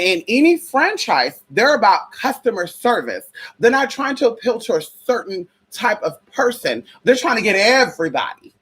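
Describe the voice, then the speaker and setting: Husky and mid-range, a young US woman who vlogs about spirituality delivers a sassy, profane opinion rant, calling her audience "honey" and "girl."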